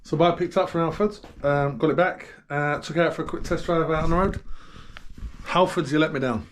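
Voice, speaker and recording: A man's voice: on the high side, steady tone, a little fast, a little hiss or hum. A man with a Cockney accent, chatting casually in a rambling, grumbling way while vlogging about cycling. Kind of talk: casual vlog chat.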